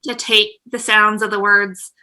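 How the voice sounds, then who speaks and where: A woman's voice: mid-range voice, level tone, a little slow, pushed and bright, low-quality recording. A woman hosting an education talk, engaged and conversational, often checking in with her listener. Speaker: host educator.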